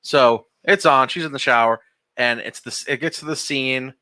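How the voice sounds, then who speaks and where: A man's voice: mid-range voice, normal speed, sharp tone. A young man, a podcast co-host, telling a long story in casual group chat, swearing and laughing as he goes.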